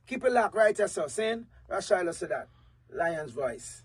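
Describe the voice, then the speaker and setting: A man giving a relaxed, half-sung station ID. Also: high voice, a little slow, slightly rough, distant mic.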